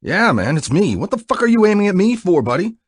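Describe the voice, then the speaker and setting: A man's voice: high-pitched, very animated, fast talker, breathy edge, no room sound, clean studio sound, pitched above the performer's own voice, heavily acted. A man doing a brash, cocky outlaw. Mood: brash shouting. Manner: loud, brash, profane banter. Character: cocky swaggering male outlaw biker, adult.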